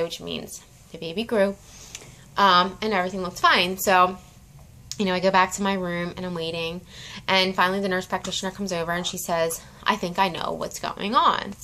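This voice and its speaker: Young woman, home vlog, tired, out of breath, chatty with fillers, bright voice. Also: lowish voice. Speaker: vlogger. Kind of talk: casual pregnancy vlog. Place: home at night.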